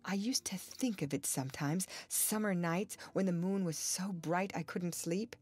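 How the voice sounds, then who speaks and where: A woman voicing a shy, tender young woman, speaking softly and hesitantly in an audiobook. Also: lowish voice, unhurried, husky.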